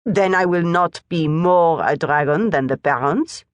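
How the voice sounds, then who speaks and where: A woman voicing a prim middle-aged French governess with a French accent, speaking shrill, formal, halting English. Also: no room sound. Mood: wry.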